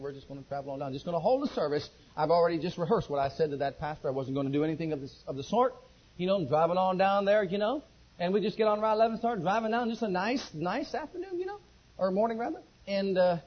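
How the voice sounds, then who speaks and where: A male pastor preaching a sermon, telling his own testimony with lively storytelling and acting out the dialogue. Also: high voice. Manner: animated storytelling, acts out quoted dialogue. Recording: dull lo-fi recording.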